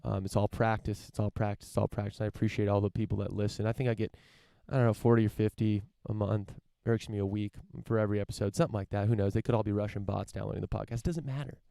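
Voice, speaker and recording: A young man with a low, gravelly, mellow voice hosts a solo podcast in casual chat. He rambles, swears freely and fills gaps with ums and restarts. The sound is dry and close. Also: little pitch movement, fast talker, hardly any pauses, no echo. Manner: rambling, profane, lots of fillers and restarts. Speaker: podcast host. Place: parents' home, indoors. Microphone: camera setup for a live stream.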